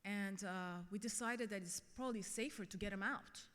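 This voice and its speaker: A woman's voice: mid-range voice, moderate pace, fairly bright tone. Middle-aged woman telling stories in an echoing hall. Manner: earnest personal storytelling. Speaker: keynote speaker. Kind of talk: keynote speech. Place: conference hall. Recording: long reverb of a large hall.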